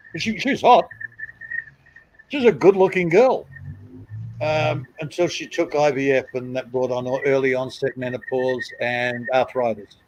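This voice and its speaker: A man's voice: mid-range voice, darkish tone, rough recording. A middle-aged man, chatting on a live stream in a blunt, crude, mocking way. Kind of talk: casual chat.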